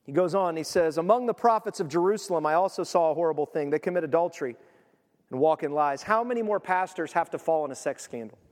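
A man preaching a sermon, emphatic, swinging from quiet to loud. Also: a little high, lively intonation, fast, in a large hall. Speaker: pastor.

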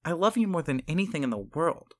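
A man playing a sheepish husband in an improvised comedy sketch, stammering and hesitant as he tries to calm his wife. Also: on the high side, quick pace. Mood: placating. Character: sheepish husband, secret agent.

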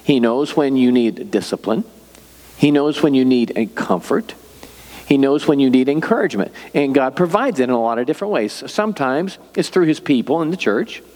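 An older man preaching a sermon as a pastor, telling stories in a relaxed, conversational way. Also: mid-range voice, normal speed, big-room sound.

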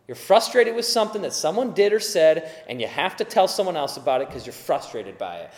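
A man's voice: a little high, expressive, a little fast. A man preaching a sermon in an earnest, emphatic way, now and then acting out the voices he quotes. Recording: echoey hall with long reverb.

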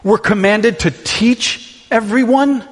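Male pastor, high-pitched, impassioned sermon delivery, long hall reverb. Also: takes it slowly, breathy edge. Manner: impassioned, full of rhetorical questions. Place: church sanctuary.

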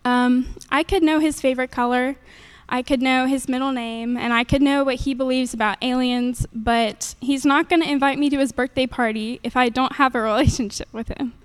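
A woman's voice: sits high, fairly even intonation, moderate pace, few pauses, clear, resonant tone. A young woman giving a nervous, earnest faith testimony into a handheld microphone at a church gathering, with many fillers.

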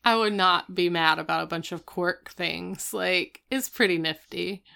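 Smooth low-voiced woman, chatty recap. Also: measured pace, pushed and bright. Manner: chatty, wry, lots of "like" asides. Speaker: podcast co-host. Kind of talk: casual TV episode recap chat.

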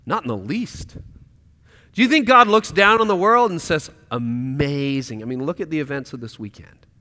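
Impassioned preacher in a reverberant hall. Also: male voice, high-pitched, sing-song, fairly quick. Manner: impassioned, swings from loud to hushed. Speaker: pastor. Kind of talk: sermon.

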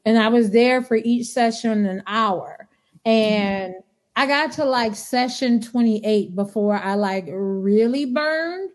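Animated woman telling a story. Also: fairly high pitch, slow pace. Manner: animated storyteller acting out quotes. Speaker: podcast guest. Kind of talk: casual chat.

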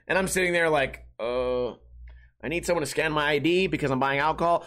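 Animated profane man telling a story. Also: a little high, fairly quick. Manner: profane, animated, acts out people and sound effects. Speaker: podcast host. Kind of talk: casual solo storytelling.

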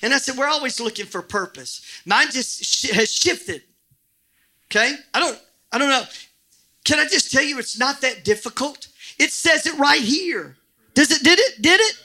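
Lively high-voiced preacher man. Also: normal speed. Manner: animated, jokey preaching with bursts of shouting. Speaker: pastor. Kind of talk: sermon. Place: church.

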